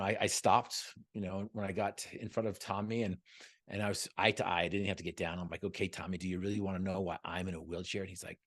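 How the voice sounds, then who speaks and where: A man with a lowish voice gives an earnest motivational talk over a video call. He mixes jokes and stories into the talk and keeps an upbeat, encouraging tone. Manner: joking, storytelling, earnest and upbeat. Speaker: motivational speaker, guest.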